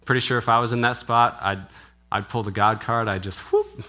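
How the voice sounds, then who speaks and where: A man ministers in a church with an interactive sermon, his medium-pitched voice bright, pushed, brisk, and fairly flat in pitch. He talks conversationally, constantly quizzing the congregation and tagging on "right?", with restarts and short laughs.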